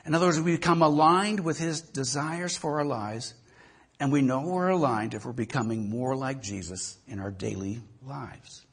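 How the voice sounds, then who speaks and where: A man's voice: mid-range voice, moderate pace, slightly rough. A male pastor giving a sermon, telling a story with animation and often repeating words.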